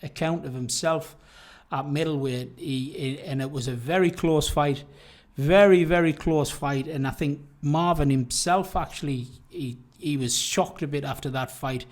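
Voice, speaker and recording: Guy on a boxing chat, slightly high voice, rambles and restarts a lot. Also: unhurried, hardly any pauses. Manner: rambling, trails off and restarts mid-thought. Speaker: boxing podcast co-host. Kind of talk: casual debate.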